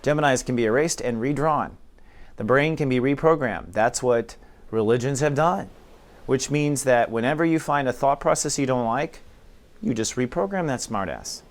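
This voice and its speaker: A man of middle pitch gives a casual spiritual teaching. He talks informally and slips into quoted voices to act out inner dialogues. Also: moderate pace. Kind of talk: casual spiritual talk to camera.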